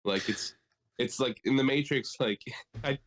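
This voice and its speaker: Guy co-hosting a podcast, swears a lot, animated rants, medium voice. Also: mid-range voice, unhurried. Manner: profane, animated riffing. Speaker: podcast co-host. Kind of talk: casual chat.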